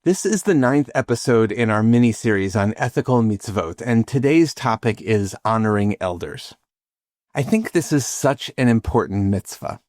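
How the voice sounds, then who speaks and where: Man, podcast host, scripted narration, reflective, lightly humorous, mid-pitched, dry studio recording. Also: lively intonation, normal speed, darkish tone, no echo.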